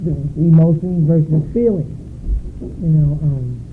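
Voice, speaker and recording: A woman sharing her story at a recovery meeting, emotional and searching, often halting. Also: low-pitched. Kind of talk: personal share at a meeting. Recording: tinny phone-like recording with faint noise.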